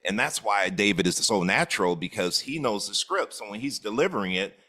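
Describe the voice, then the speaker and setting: Guy coaching over a video call, really low voice, dry sound, encouraging, stumbles on first words. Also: animated, brisk, pushed and bright, dry recording. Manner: encouraging, repeats words when starting. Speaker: real estate coach. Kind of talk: coaching feedback on a group call.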